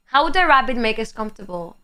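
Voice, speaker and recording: A woman's voice: on the high side, big pitch swings, fast, pushed and bright, clean tone. A woman in her twenties, a livestreamer chatting casually with her viewers and reading out their comments in a playful, teasing way, swearing freely.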